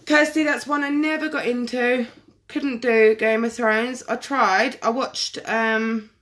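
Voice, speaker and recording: A woman's voice: fairly high pitch, fairly even intonation, takes it slowly, fairly bright tone. A woman, chatting casually to viewers during a live makeup tutorial and answering their comments by name. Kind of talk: casual live-stream chat while doing makeup. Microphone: webcam or phone on a live stream.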